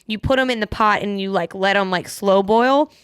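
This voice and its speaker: A woman's voice: medium pitch, moderate pace, clear, resonant tone, no room sound. Southern young woman on a podcast, chatty, says like a lot, dry close mic. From Mississippi. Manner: chatty, lots of "like" fillers. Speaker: podcast co-host. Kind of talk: casual chat.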